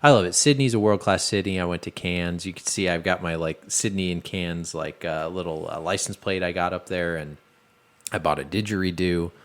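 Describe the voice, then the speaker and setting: Low-voiced chatty male podcast host. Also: a little fast. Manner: rambling and chatty, with frequent restarts. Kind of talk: casual chat.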